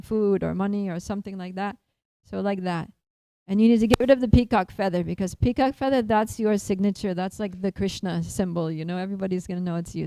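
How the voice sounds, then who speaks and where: A woman voicing a helpful forest goddess who gives brisk, detailed instructions in a louder voice. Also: mid-range voice, no echo, natural voice, poor audio.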